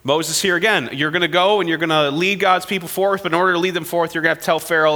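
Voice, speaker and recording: A man preaching a sermon, retelling the story with animated delivery and voices for the people he quotes. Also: sits high, fast talker, few pauses, in a large hall. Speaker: pastor.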